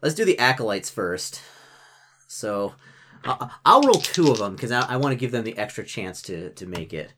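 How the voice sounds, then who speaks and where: A man acts as game master, narrating a tabletop game in a rambling style full of fillers, "like" and restarts, laughing often as he describes events. His mid-range voice is sing-song, bright and forceful at a normal speed, over slight background noise.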